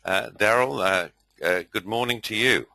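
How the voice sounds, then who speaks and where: A man's voice: lowish voice, moderate pace, gravelly, sharp tone, low-quality recording. An older man hosting a webcast, welcoming listeners in a rambling, friendly way full of fillers. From India. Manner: rambling, many fillers, friendly roll call. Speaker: host. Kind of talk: casual webinar welcome.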